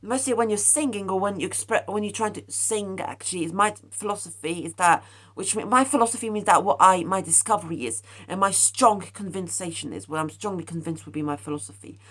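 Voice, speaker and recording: A woman's voice: medium pitch, fairly quick, fairly bright tone. A young woman musing aloud about her own philosophy in a rambling casual monologue, full of fillers, restarts and calls of "guys". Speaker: vlogger sharing a personal philosophy.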